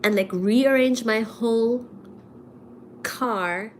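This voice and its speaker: A slightly high-voiced woman speaks slowly as she chats live with her audience, a cold making her cough while she indignantly acts out the people in her story. A little hiss or hum is audible.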